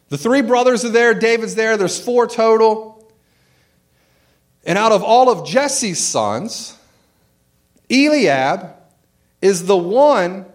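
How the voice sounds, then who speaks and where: A man preaching through a scripture passage, reading verses aloud and then retelling them in casual, everyday words, often repeating a word as he restarts. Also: high voice. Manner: reads scripture then paraphrases it in casual slang. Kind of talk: expository sermon.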